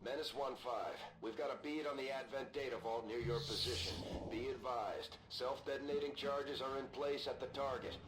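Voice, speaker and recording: An actor playing a calm male military mission controller, giving formal briefings in a video game. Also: medium pitch, noisy background, natural voice. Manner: measured, formal radio-style briefing. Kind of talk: scripted game dialogue. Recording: roomy game audio with music.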